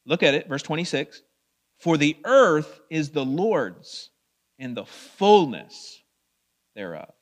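A man preaching a verse-by-verse sermon in a conversational way, asking the audience questions and reading scripture slowly with drawn-out emphasis. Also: fairly high pitch, very animated. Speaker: pastor. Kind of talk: expository sermon.

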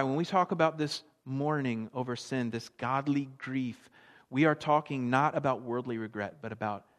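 A middle-aged man preaching a sermon to his audience, with a conversational manner and frequent questions to them. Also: on the high side. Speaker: pastor. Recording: long reverb of a large hall.

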